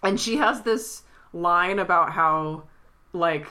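A woman co-hosting a podcast in casual chat, tearful, retelling scenes and acting out lines in a high squeaky voice. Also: takes it slowly, bright, forceful tone. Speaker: podcast co-host.

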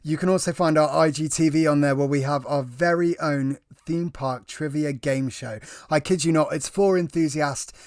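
A man's voice: on the high side, steady tone, normal speed, few pauses, darkish tone, no room sound, clean studio sound. A man co-hosting a podcast, talking with eager enthusiasm in casual chat. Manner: enthusiastic, talkative. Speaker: podcast co-host.

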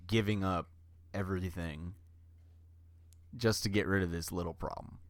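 A man co-hosting a comedy podcast, delivering absurd bits in a deadpan, mock-serious way. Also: deep voice, moderate pace, no echo. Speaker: podcast co-host. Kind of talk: comedic improvised banter.

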